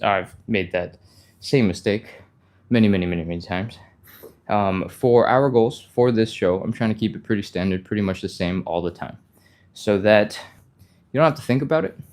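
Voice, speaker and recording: A man hosting a live stretching stream, talking fast and upbeat, laughing often as he walks viewers through each move. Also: fairly low pitch, a little mellow. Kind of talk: live workout instruction.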